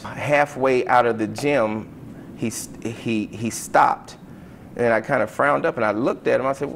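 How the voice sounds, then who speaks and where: A man's voice: mid-range voice, moderate pace, creaky, slight background noise. A man who works as a school coach, retelling an incident in an interview and acting out the quotes. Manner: animated retelling, acts out quotes. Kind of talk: interview storytelling.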